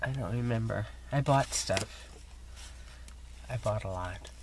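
Still getting over an illness and coughing, a woman vlogger casually displays her crafting mail, gushing and poking fun at herself. She speaks unhurriedly in a bass voice, with a little hiss or hum in the audio.

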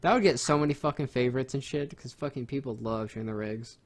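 A man's voice: mid-range voice, fast talker. A young man co-hosting a casual podcast. He talks loosely and swears freely. His delivery is unpolished and conversational. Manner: loose, profane banter. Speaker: podcast co-host. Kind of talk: casual chat.

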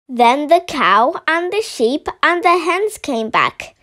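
Brief: woman storyteller, high voice, unhurried, rhythmic picture-book read-aloud. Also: sing-song, fairly bright tone.

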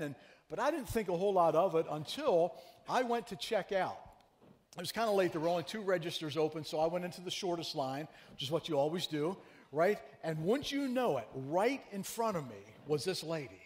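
A man preaching a sermon as pastor, telling a story in a chatty, animated way and teasing his congregation. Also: high-pitched, long reverb tail. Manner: conversational, animated storyteller who teases the congregation. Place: church sanctuary.

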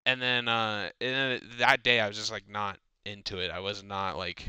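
A man's voice: fairly low pitch, normal speed, hardly any pauses, bright, forceful tone, clean tone, dry recording. A teenage boy hosting a casual podcast, telling a long, profane, rambling rant about school. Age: teens. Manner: rambling, profane ranting storytelling. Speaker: podcast host. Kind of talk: casual chat.

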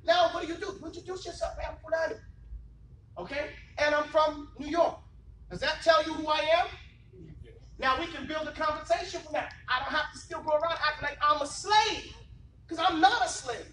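A man's voice: very high-pitched, fairly quick, pushed and bright. A man, an Islamic teacher, giving an emphatic classroom lecture and keeping his students engaged with rhetorical questions. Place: classroom, indoors. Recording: echoey room from far off, faint noise.

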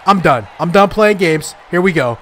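A young man with a high, bright voice narrates his own gameplay live. His pitch swings widely as he gets worked up, shouting and trash-talking at the screen in frustration. A faint hiss sits under the recording. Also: expressive, normal speed. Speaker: gaming YouTuber.

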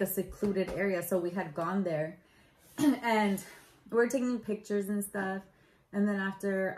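A woman's voice: medium pitch, slight background noise, rough recording. A young woman telling her proposal story in a casual vlog, chatty and full of "like" fillers. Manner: chatty, lots of "like" fillers, animated retelling.

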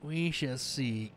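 A man's voice: on the high side, vocal fry, a bit bright. A man doing let's-play commentary, sarcastic and swearing, talking back at the game. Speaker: gamer playing through a game. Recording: noisy with clicking sounds.

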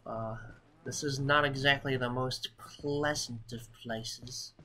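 Bright-voiced jokey gamer guy. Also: mid-range voice, steady tone, slow. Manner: jokey, self-mocking. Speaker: Let's Play host. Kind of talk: casual gameplay commentary.

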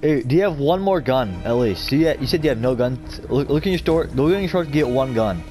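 A man's voice: mid-range voice, fairly quick. Taunting gamer guy, game music behind. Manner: taunting, calm, bossy. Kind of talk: casual game chat.

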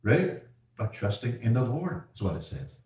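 A man preaching an evening sermon as pastor, folksy, repeating words and slowing down on key phrases. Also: medium pitch, big pitch swings, a little mellow, recorded from a distance. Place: church sanctuary. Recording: echoey church from afar.

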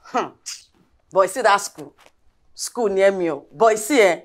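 An actress playing a brash Nigerian housemaid. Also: female voice, mid-range voice, expressive, measured pace, lightly acted. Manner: brash, talks back in pidgin. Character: cheeky streetwise female housemaid, young adult.

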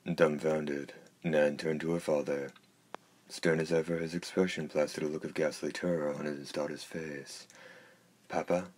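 A man narrating an audiobook in a steady, measured reading. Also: very deep voice. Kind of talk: scripted narration.

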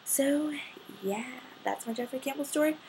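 A teenage girl chatting excitedly in a casual storytelling vlog, gushing and filling her sentences with "like". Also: sits high, normal speed, gravelly, a little hiss or hum. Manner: excited and gushing, filler-heavy. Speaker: fashion vlogger.

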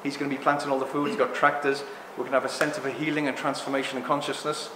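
A middle-aged man giving an impassioned talk to a live audience, excitable and ranting, acting out other people's voices as he goes. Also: mid-range voice, fast, background noise. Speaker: speaker at a talk. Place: indoor talk venue. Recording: echoey hall with faint ambience.

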